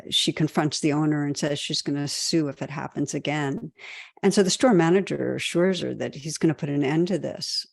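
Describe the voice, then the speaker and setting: A woman giving a dharma talk as a meditation teacher, gentle and reflective, often using "you know" and soft restarts. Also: deep voice, creaky, dry recording, clean studio sound.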